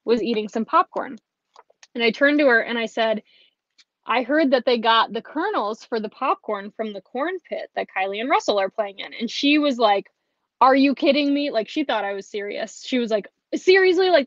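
A woman leads a live card-making tutorial from her home craft space, her voice pitched a little high. She chats easily and stops to greet viewers and answer their comments. The stream audio is dry and a bit dull. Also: dry recording. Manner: chatty, reads viewer comments aloud between steps. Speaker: stamping and card-making host.

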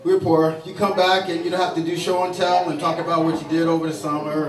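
Rambling stand-up comedian in an echoey bar. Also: male voice, fairly high pitch, little pitch movement, fast talker. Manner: rambling storytelling with many restarts and fillers. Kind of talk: stand-up routine. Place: saloon stage with an audience. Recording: distant, echoey bar recording with crowd. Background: audience laughing.

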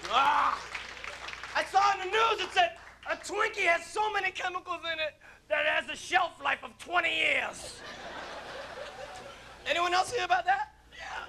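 A man's voice: very high-pitched, moderate pace, pauses often. A man doing a live stand-up set on stage, veering from strained yelps to mumbled asides. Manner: yelping, strained outbursts between mumbled asides. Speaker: stand-up comedian. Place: stage in front of a live audience. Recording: noisy VHS concert recording with crowd. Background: audience laughter and crowd noise.

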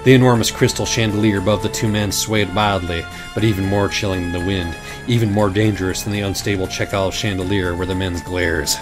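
Brief: low-voiced man, wry theatrical storybook reader, faint music behind. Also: fairly even intonation, fairly quick, few pauses. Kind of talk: comic dramatic reading.

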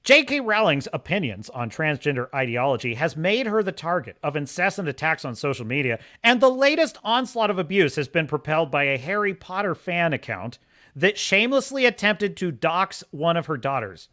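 A man hosts a casual livestream and talks in a sharp, bright tone. He is opinionated and emphatic, and he often says things twice for stress. His high voice swoops up and down all the time. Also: very animated, moderate pace. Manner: opinionated, emphatic, repeats himself. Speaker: host of a streaming show.

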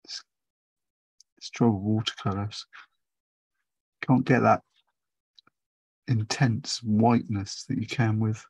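A man's voice: lowish voice, fairly even intonation, takes it slowly, long pauses, a little mellow, slightly rough, no echo, rough recording. A man giving a casual watercolour painting demonstration, chatty and rambling as he thinks aloud. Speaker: watercolour tutor.

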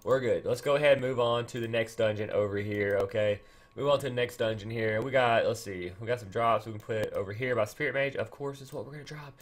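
A young man doing excited let's-play commentary, pleading with and scolding his game units. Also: mid-range voice, fast talker. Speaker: gaming channel host.

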